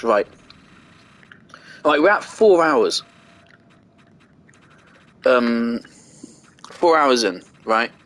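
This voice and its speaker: A man's voice: mid-range voice, a bit bright, a little hiss or hum. Furious swearing man ranting. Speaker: gaming video creator. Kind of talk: angry gameplay commentary.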